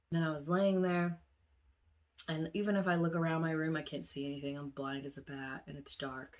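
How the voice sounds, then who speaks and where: Low-voiced woman retelling a nightmare. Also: normal speed. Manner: animated storyteller, acts out quoted voices with sudden high pitch jumps; drops to a soft, low murmur when reflecting. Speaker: vlogger. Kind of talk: casual dream retelling.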